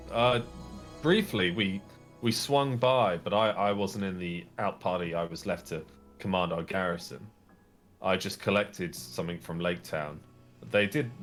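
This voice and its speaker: A man with a low voice narrates a tabletop role-playing game as game master, talking loosely and restarting his phrases. Faint music plays in the background. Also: fairly bright tone. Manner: casual, rambling narration with restarts.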